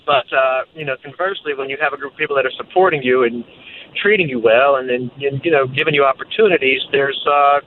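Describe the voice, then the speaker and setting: A man's voice: medium pitch, fast, slight background noise. Southern man on a tinny phone line. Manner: relaxed, hesitant with fillers. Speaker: guest, track executive. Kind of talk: casual interview over the phone.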